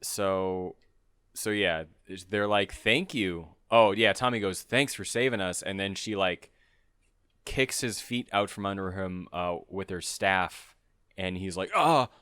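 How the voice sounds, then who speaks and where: Young man, low pitch, smooth, dry close sound, casual rambling gaming chat. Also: steady tone, a little slow, bright, forceful tone, no room sound. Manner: rambling, recaps plots with silly voices. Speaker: let's play co-host.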